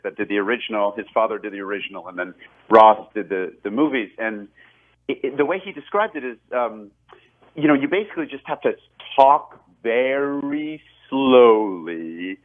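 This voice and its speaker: A man in his forties talks casually as a radio guest, heard through a tinny, phone-like line. He rambles, laughs at himself and restarts his sentences often. His voice sits at a middle pitch for a man. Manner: rambling, self-deprecating, many restarts and laughs. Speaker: actor and film director, guest.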